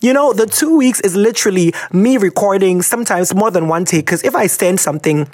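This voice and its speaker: A man's voice: fairly quick, no echo, studio quality. A man with a Ghanaian English accent hosting a podcast, talking casually and expressively, wandering off on tangents. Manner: expressive, jumps between tangents, big pitch swings. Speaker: podcast host. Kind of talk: animated casual monologue.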